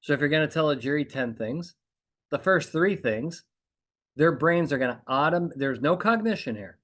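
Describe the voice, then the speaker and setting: A man's voice: fairly high pitch, lively intonation, moderate pace, fairly bright tone. A man hosting a podcast, coaching lawyers on courtroom speaking in an emphatic monologue. He repeats his points and keeps checking in with "okay?". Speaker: trial consultant podcast host.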